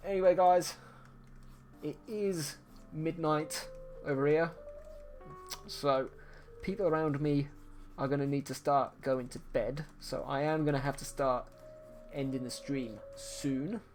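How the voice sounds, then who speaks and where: A man's voice: fairly high pitch, fairly even intonation, slow, darkish tone, faint music behind. Teasing man chatting on stream. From England. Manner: teasing, laughing, swearing banter with chat. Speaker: streaming artist. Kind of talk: casual livestream chat.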